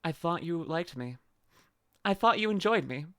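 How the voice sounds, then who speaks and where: A woman's voice: lowish voice, animated, normal speed, a bit bright, no room sound, studio quality. A young adult woman streamer chatting casually and playfully, often laughing as she reads chat aloud. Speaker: VTuber streamer.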